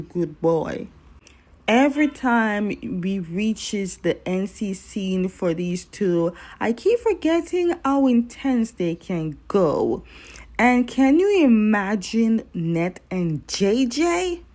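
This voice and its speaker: Woman, drama recap vlogger, playful, chatty, lively pitch. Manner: chatty, playful, talks straight to viewers.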